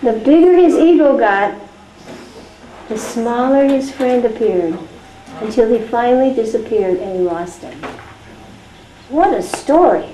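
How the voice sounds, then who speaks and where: A woman teacher telling a story and giving practical instructions in a chatty, animated way during a teacher training class. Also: on the high side, a little slow, long pauses. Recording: echoey room with faint noise.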